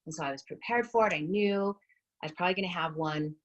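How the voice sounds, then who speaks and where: Here a thirtysomething fitness instructor talks quickly to a group, chatty and encouraging as she coaches them through deep breathing, captured with lo-fi sound.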